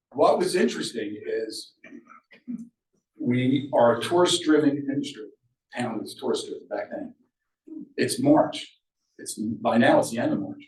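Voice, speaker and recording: An older man from Sea Isle City, New Jersey, telling his own memories to an audience in a lively, conversational way, acting out the voices of people in his story. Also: medium pitch. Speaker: local speaker sharing memories. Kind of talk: public storytelling talk. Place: event room at a museum talk. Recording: roomy echo, mic far off.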